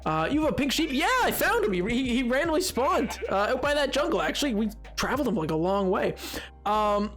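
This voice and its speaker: A hoarse man on a gaming livestream, talking to his chat in a lively voice that leaps up and down in pitch. He jokes at his own expense and laughs easily, over faint game music in the background. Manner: animated, self-mocking, quick to laugh. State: hoarse from long streaming.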